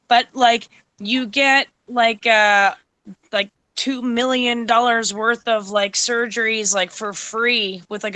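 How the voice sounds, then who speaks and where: Bright, dry-sounding woman from Canada. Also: a little high, dry recording, rough recording. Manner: chatty, heavy "like" filler, coos at dog. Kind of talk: casual chat.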